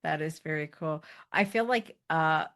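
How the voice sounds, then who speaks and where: A woman interviewing a guest in a casual podcast, curious and encouraging with quick affirmations. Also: low-pitched, a bit bright.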